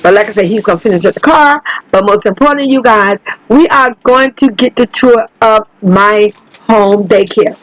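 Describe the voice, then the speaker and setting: A woman hosts her gaming channel and narrates her game in loose, casual commentary. She swears without a second thought and keeps calling out to her viewers. Her voice sits at a middle pitch, and the recording is dry and close. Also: normal speed, dry recording, rough recording. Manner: chatty, swears freely, keeps saying "you guys".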